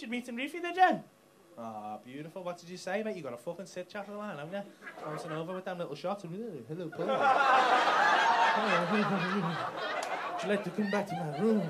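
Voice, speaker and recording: A man's voice: high voice, sing-song, normal speed, pauses often, noisy background. A man doing stand-up crowd work in a comedy club, teasing the audience with crude, cheeky banter and swearing. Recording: live club set with loud crowd laughter.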